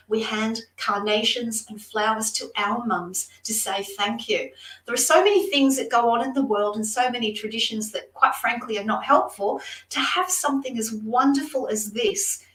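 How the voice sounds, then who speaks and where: A woman's voice: fairly high pitch, a bit bright. Chatty Australian woman in a roomy room. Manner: chatty and effusive, addresses viewers directly. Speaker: psychic reader, guest. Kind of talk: live-streamed card readings and chat. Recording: roomy room, distant mic.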